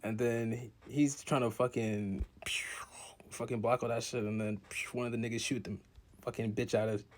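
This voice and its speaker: A young man casually recapping a manga chapter in slangy, profane talk, jumping into character voices in excited bursts. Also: medium pitch, moderate pace. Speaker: content creator recapping a manga.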